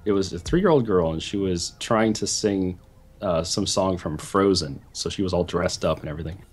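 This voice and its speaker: Man, low and slightly husky, casual gamer chat, animated storyteller. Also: normal speed. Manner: animated storyteller, stumbles and restarts. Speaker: game co-player. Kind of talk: casual chat while gaming.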